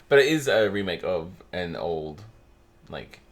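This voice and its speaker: Very deep chatty man with gravelly lows. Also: big pitch swings, slow pace. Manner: chatty storyteller, laughs often. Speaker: podcast co-host. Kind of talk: casual chat.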